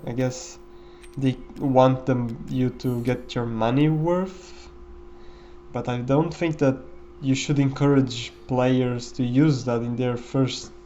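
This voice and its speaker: A man talks through his game run in a loose, rambling way, full of fillers and self-corrections. His voice sits at an ordinary middle pitch. The recording sounds a little dull and lo-fi, with a faint hiss behind it. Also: warm tone. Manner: rambling, with many fillers and restarts. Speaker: gameplay commentator. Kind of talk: casual gameplay commentary.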